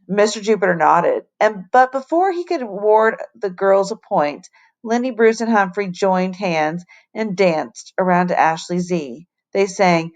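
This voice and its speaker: A woman fourth-grade teacher reading a children's chapter book aloud to her class in an expressive, clear way. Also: fairly low pitch, normal speed. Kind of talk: storybook read-aloud.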